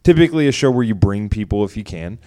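A young man co-hosting a comedy podcast, telling a long story in a rambling, animated way and acting out what others said. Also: lowish voice, quick pace. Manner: rambling, animated retelling with quoted voices. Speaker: podcast co-host. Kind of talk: casual storytelling chat.

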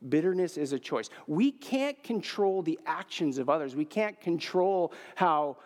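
A man's voice: on the high side, expressive, unhurried. A man in his forties preaching a sermon, telling a personal story casually, with frequent filler words. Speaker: pastor. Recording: long hall reverb.

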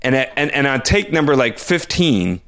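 A man co-hosting a podcast, telling a story in a casual, animated way, often stumbling and repeating words. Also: mid-range voice, moderate pace. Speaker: podcast co-host.

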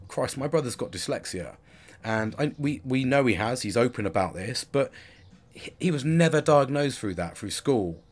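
A man in his forties talking candidly in a rambling personal monologue, with frequent restarts and casual swearing. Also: fairly low pitch. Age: 40s.

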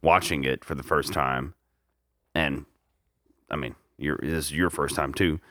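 Deep-voiced man, dry close sound. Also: fairly even intonation, a little slow, fairly bright tone, dry recording. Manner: rambling, restarts phrases, earnest. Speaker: podcast co-host. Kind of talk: casual chat recapping a movie.

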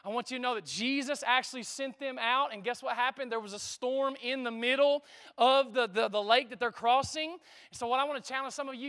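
A man preaching a sermon in a lively, conversational way, calling out to the congregation. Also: very high-pitched, smooth. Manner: lively preaching with call-and-response asides. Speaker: pastor.

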